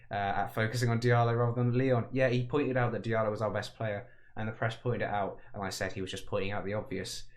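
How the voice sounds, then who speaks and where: A man with a lowish voice talks through a football management game in a loose, conversational way. He rambles, corrects himself and pokes fun at his own remarks as he goes. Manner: chatty, self-mocking, rambling asides. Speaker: gaming commentator. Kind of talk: casual game commentary.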